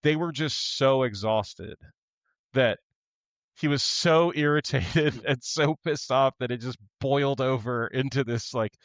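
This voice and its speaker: A man co-hosting a casual podcast, telling stories with animated energy and acting out the lines of the people in them. His voice sits in a middle register. The recording is dry and a little dull, with no room sound. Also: mid-range voice, a little slow, dry recording. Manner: animated storytelling, acts out quotes. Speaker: podcast co-host. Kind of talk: casual chat.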